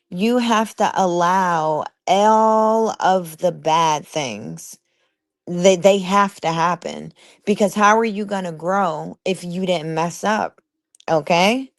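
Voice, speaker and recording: A woman's voice: fairly low pitch, dry recording, clean studio sound. A woman hosting a personal motivational talk, emphatic and colloquial, often tagging her points with "okay?". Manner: emphatic, keeps asking "okay?"; colloquial, drawls some phrases. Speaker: podcast host.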